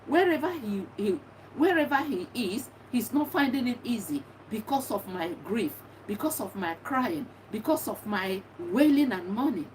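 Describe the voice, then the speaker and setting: Middle-aged woman, earnest testimony, fairly high voice, recorded from a distance with faint background noise. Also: animated, normal speed, few pauses, darkish tone. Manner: earnest, repetitive, reflective. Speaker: speaker sharing personal grief story. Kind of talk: personal testimony monologue.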